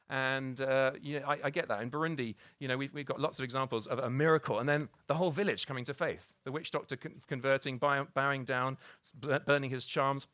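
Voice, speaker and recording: A man's voice: mid-range voice, fairly bright tone, dry recording. A man preaching a conversational sermon, full of restarts and tag questions like "isn't it?". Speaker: pastor.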